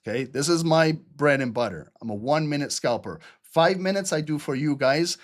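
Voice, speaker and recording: A man hosting a live trading stream, walking viewers through charts in a casual, energetic way. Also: mid-range voice. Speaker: trading channel host.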